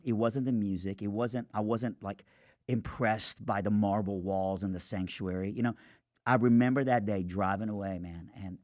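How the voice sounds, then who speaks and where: A man with a lowish voice tells his story with animated, earnest energy on a radio show. He is recorded close and dry in a studio. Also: no room sound. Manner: animated, earnest, quick asides. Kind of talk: storytelling testimony.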